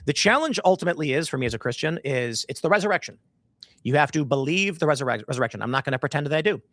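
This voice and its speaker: A man's voice: a little high, animated, very fast, fairly bright tone, dry recording, clean studio sound. A man in his thirties hosting a livestream, rambling casually and reading chat aloud with joking mock voices. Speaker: livestream host.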